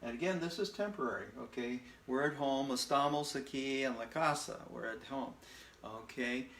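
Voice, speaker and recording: A man's voice: mid-range voice, moderate pace, creaky. Man teaching in an echoey room. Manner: relaxed, repetitive, checks in with "okay?" often. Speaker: Spanish teacher. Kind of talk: casual recorded lesson at a board. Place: room at home.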